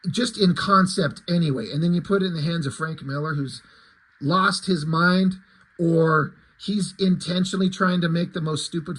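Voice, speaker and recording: A man's voice: on the high side, fairly bright tone, husky, low-quality recording. A middle-aged man giving a casual comic book review, rambling, sarcastic and swearing freely.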